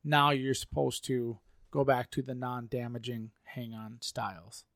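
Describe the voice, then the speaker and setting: A man's voice: mid-range voice, fairly even intonation, unhurried, no room sound, studio quality. A man, co-hosting a podcast and walking through rules point by point. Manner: explains rules point by point, with restarts. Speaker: podcast co-host. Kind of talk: casual explanation of hunting rules.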